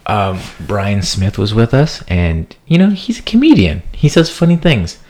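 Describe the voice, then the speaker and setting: A man's voice: lowish voice, very animated, measured pace, darkish tone. A man in his thirties telling a long, rambling, profane story as a podcast co-host. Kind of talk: casual storytelling chat.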